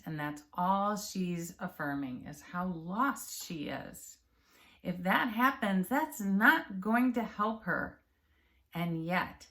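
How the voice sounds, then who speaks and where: A woman health and empowerment coach giving a calm, encouraging talk straight to the viewer. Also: on the low side. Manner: calm, measured and encouraging, addressing the viewer directly. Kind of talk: direct-to-camera coaching talk.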